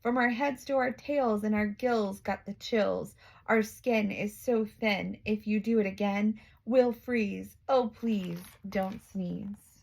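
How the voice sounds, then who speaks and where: A woman voicing a group of fish in a storybook, quietly begging not to be sneezed on. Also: mid-range voice, fairly even intonation, slow, gravelly, hardly any pauses. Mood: pleading. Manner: pleading, quiet. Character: shivering fretful fish.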